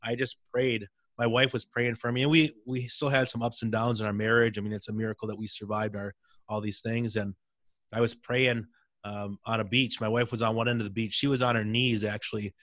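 A man's voice: on the low side, level tone, a little fast, a bit bright, no echo, studio quality. A man in his thirties, a former pro hockey player, telling his faith story in an intense, candid way in a casual interview.

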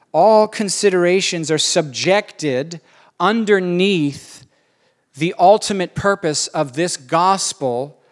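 A male pastor preaching a sermon in an animated, conversational way with emphatic questions. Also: high voice.

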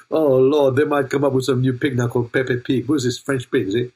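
A man's voice: mid-range voice, fairly even intonation, moderate pace, darkish tone, breathy edge. An older man preaching a sermon as pastor, playful and jokey, calling out to his listeners by name and asking if they are listening. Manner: playful, jokey preaching with laughs and call-outs to the congregation.

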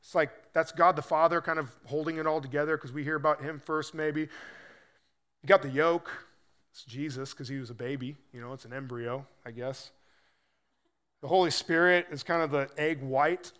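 A man's voice: on the high side, fairly even intonation, normal speed, fairly bright tone. A man preaching a sermon in a loose, conversational way, acting out quoted voices as he explains scripture. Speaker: pastor.

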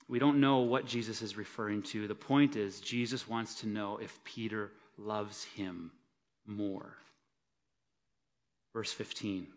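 Guy preaching a sunday sermon, mid pitch, gets loud then drops soft and low. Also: normal speed. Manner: dynamic, swinging between loud emphasis and soft low asides. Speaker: pastor. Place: church service.

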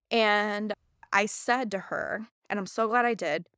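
Young woman chatting on a podcast, candid and earnest, mid pitch, dry mic. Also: measured pace, a bit bright, smooth, dry recording. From United States. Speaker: podcast co-host. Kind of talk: casual chat, personal story.

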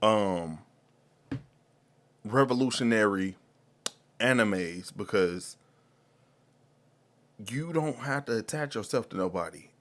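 A man hosting a casual podcast, animated and slangy, often repeating words as he starts a sentence. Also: on the low side, slow, long pauses. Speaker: podcast host.

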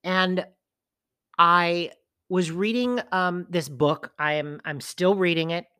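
A woman's voice: fairly low pitch, fairly even intonation, takes it slowly, bright, forceful tone, clear, resonant tone, no echo, clean studio sound. A woman hosting a personal self-care podcast, talking candidly and casually, with some swearing. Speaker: podcast host.

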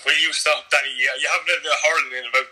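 Fast-talking bright rural Irish man. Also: a little high, steady tone, poor audio. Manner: laughs often, teasing. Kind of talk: casual chat.

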